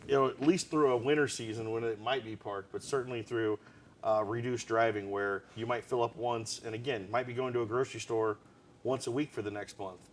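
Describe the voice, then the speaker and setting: A man in the host's seat of a casual live broadcast, keeping things moving by quizzing his co-host. His voice sits at an ordinary middle pitch, with a little faint noise under it. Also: steady tone, fairly quick. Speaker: show host. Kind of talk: casual live-stream chat.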